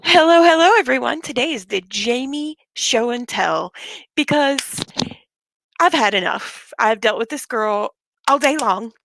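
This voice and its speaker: A woman's voice: on the high side, expressive, slow, creaky, a bit bright. A woman ranting bluntly and with a lot of swearing in a casual live stream, sick with covid and short of breath. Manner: blunt, profane, fired-up. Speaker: livestreamer.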